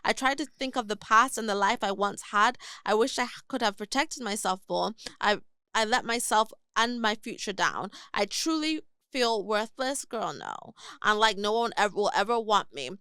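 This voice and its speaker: A young woman on a podcast, reading a listener's email aloud in an earnest, measured way. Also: mid-range voice, lively intonation, bright, forceful tone, clear, resonant tone, no room sound, clean studio sound. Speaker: podcast co-host.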